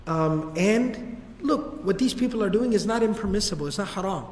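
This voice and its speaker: A man voicing a calm male community leader who reasons softly and firmly with an old friend, in an echoey hall. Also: high voice, normal speed. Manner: soft, reasoning, conversational.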